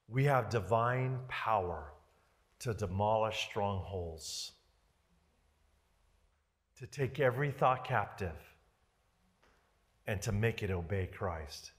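A male pastor preaching a sermon dramatically, swinging from loud declarations to hushed near-whispers. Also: on the low side, expressive, slow pace, pauses often, in a large hall. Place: church sanctuary.

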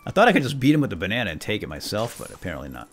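A man giving excitable, jokey commentary while playing a video game. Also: fairly low pitch, rapid-fire. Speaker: let's play gamer. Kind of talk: casual gameplay commentary.

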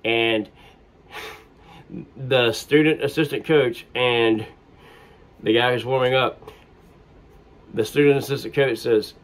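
A man's voice: medium pitch, fairly even intonation, slow, pauses often. A man casually telling a personal story in a conversational way, with fillers and restarts.

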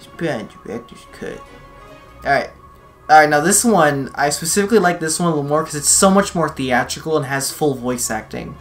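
Man, let's play host, bright forceful voice, excitable yelling, lots of swearing, casual gameplay chat. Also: a little high, moderate pace, faint music behind.

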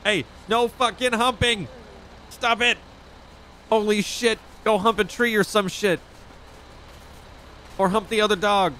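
A man's voice: high voice, steady tone, a little slow, long pauses, pushed and bright, slight background noise. A man chatting in character in a roleplay game, brash and profane but easygoing. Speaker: roleplay streamer playing a rich animal owner.

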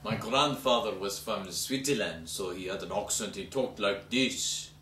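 A man's voice: fairly low pitch, measured pace, distant mic, very noisy. A man, an actor, narrating his career in an upbeat, showman-like way. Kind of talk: self-promo narration. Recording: echoey room, off-mic.

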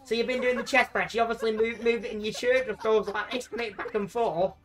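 A man, a gaming streamer who banters, swears and shouts during play. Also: extremely high pitch, fairly even intonation, fast. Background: background music.

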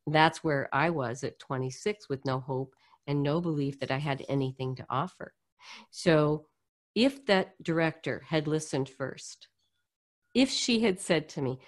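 Low-voiced storytelling woman. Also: normal speed. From United States. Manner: animated, acts out quoted voices. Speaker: guest speaker on poverty. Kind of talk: storytelling interview.

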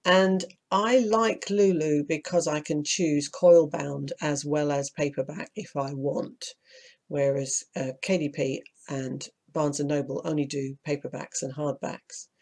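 Croaky tutorial voice. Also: medium pitch, fairly even intonation, a little slow, a little mellow. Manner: practical, explains step by step, mild asides of annoyance. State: croaky from hay fever. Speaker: self-publishing tutor. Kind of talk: screen-recorded tutorial walkthrough.

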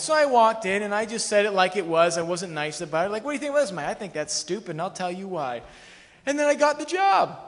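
Male Canadian pastor, higher voice, playful storytelling sermon, reverberant church sanctuary. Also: a bit bright. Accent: Canadian English. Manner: conversational, acts out quoted dialogue with humor. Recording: long church hall reverb.

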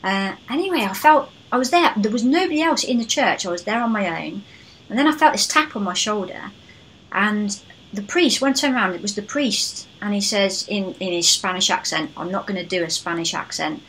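A woman hosting a podcast, telling a story in a chatty, animated way. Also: medium pitch, brisk, a little hiss or hum, poor audio. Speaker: podcast host. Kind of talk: casual podcast interview.

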